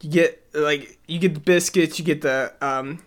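A young man from the Southern US co-hosting a podcast, telling stories in an energetic, joking, rambling way. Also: on the high side, normal speed. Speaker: podcast co-host. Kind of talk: casual chat.

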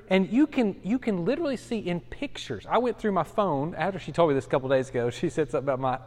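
A man in his thirties, a pastor teaching a Bible study in a conversational, self-deprecating way with frequent restarts. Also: high-pitched. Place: church study. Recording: long hall reverb.

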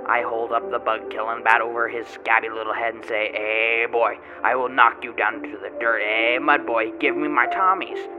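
A man's voice: on the low side, completely flat delivery, fairly quick, hardly any pauses, muffled recording, natural voice. A man playing a boastful, grubby male tomato grower, telling his tale in a rambling folksy way with odd grammar, in a first-person character monologue. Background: music.

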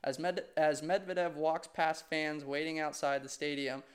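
A man's voice: fairly high pitch, flat delivery, moderate pace. A young man co-hosting a casual podcast chat, reading news items aloud and laughing often. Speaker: podcast co-host.

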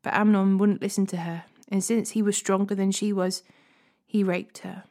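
A woman reading a Bible passage aloud as a steady storyteller, hosting a daily reading series. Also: mid-range voice, moderate pace. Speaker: Bible reader.

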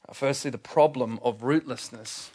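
A man's voice: medium pitch, moderate pace, darkish tone, breathy edge. A man preaching a sermon in a church, earnest and emphatic, with frequent fillers.

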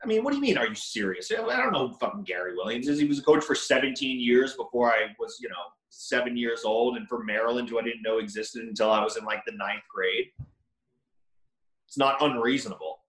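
A man's voice: mid-range voice, animated, a little fast, a bit bright. A young man co-hosting a podcast, arguing bluntly in casual chat and swearing freely. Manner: blunt, profane, argumentative. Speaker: podcast co-host. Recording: echoey room.

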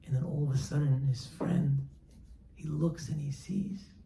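A religious teacher, a man, telling a story in a sermon, animated and acting out the characters. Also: a little high, measured pace. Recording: echoey room, faint background noise.

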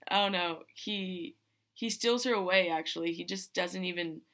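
A woman's voice: fairly low pitch, normal speed, fairly bright tone. A young woman hosting a podcast, casually recapping a film in a rambling way, full of fillers and restarts. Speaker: podcast host.

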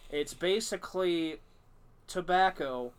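A man's voice: high-pitched, takes it slowly, clear, resonant tone. A man hosting a podcast, telling a story in a casual, rambling way, swearing often and filling gaps with "um" and "like". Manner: rambling, profane, many fillers and restarts. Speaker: podcast host.

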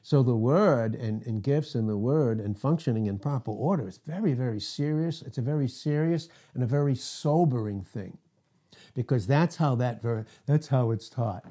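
Older man, very dark-toned, chuckling preacher. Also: mid-range voice, normal speed. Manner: chuckles often, self-deprecating asides. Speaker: pastor. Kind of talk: informal Bible teaching sermon.

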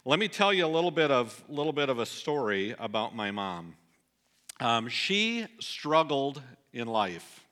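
A middle-aged man delivering a sermon, telling a personal story earnestly and dropping soft and low at the sad moments. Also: very animated, unhurried. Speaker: pastor.

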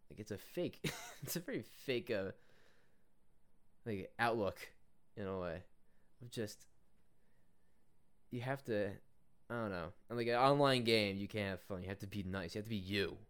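A man's voice: on the low side, normal speed, long pauses, clean tone. A young man hosting a podcast, telling a story in a casual, profane rant, often laughing and mocking people. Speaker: podcast host.

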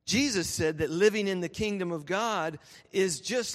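A man, a pastor preaching a sermon and telling lively stories that he laughs through. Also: high-pitched, normal speed, few pauses. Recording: reverberant church hall.

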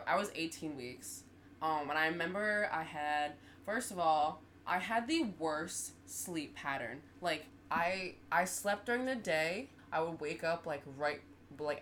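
This low-pitched woman in her twenties co-hosts a podcast, spinning stories in a casual chat at a measured pace. She's an animated storyteller who laughs often, and there's a little hiss or hum on the recording.

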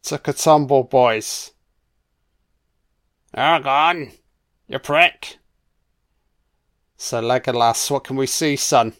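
Excitable swearing man, smooth voice. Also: mid-range voice, takes it slowly, pauses often. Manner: excitable, swears a lot, talks to the screen. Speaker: film commentator. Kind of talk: casual film commentary. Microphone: home microphone, audio only.

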